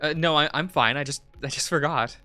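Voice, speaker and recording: A man's voice: fairly high pitch, brisk, sharp tone, no echo, faint music behind. A man voicing the nervous, stammering young man in his twenties who is the visual novel's main character. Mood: flustered. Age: 20s.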